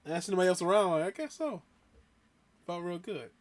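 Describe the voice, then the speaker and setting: A man's voice: high voice, animated, fairly quick. A man hosting a reaction video, chatting casually and joking about his own stories. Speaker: reaction channel host. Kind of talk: casual chat.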